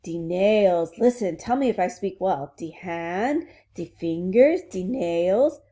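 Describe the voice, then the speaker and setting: A woman's voice: mid-range voice, very animated, moderate pace, dark tone, lightly acted. A woman voicing an eager young French princess who carefully sounds out English words. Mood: earnest.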